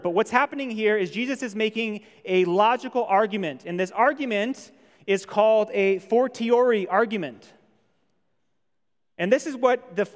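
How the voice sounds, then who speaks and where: Male pastor, high-pitched, chatty conversational preaching, church hall reverb. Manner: conversational, animated when voicing imagined objections. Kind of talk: sermon.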